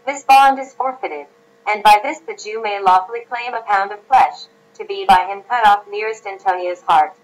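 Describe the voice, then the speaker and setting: A woman reading the part of a wise young woman disguised as a lawyer in an audiobook, calm and measured. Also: medium pitch, natural voice, rough recording.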